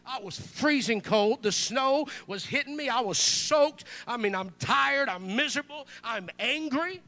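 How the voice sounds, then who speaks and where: Guy preaching, real high sharp voice, goes quiet then loud and fired up. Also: expressive, unhurried. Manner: swings from hushed confiding to shouted high-energy praise. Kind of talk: sermon storytelling.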